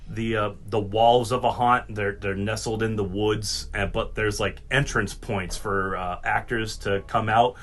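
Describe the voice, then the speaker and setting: A man hosting a casual podcast, jokey and animated, swearing casually as he talks. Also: medium pitch. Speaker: podcast host.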